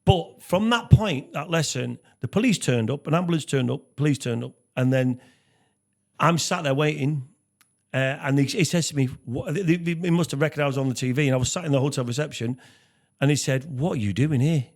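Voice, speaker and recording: A man co-hosting a podcast, talking candidly and earnestly, halting with many restarts. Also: on the high side, vocal fry. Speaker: podcast co-host. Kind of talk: candid conversation.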